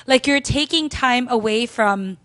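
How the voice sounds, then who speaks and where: A young Filipina woman co-hosts a talk radio show with a candid, chatty manner. Her voice is notably high and she often checks in with "right?". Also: measured pace, a bit bright, no echo. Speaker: radio co-host. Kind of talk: frank casual talk radio chat.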